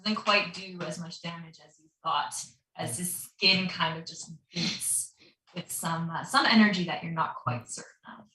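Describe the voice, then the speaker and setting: A woman's voice: on the low side, moderate pace, pushed and bright, roomy sound, distant mic, rough recording. A woman running a tabletop game as dungeon master, narrating the action loosely with plenty of fillers.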